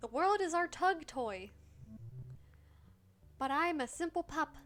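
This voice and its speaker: A cheerful male hellhound pup, simple-hearted and loyal, bouncing through his lines with eager delight, as a woman reads him. The voice sits high and unhurried, with a game's soft music faintly underneath. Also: animated, full character voice.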